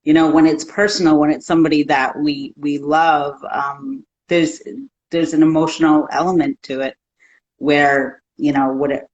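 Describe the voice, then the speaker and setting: A woman guest who works as a life coach, talking in a calm, reassuring, counseling way. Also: low voice, normal speed, dull audio. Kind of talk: casual chat.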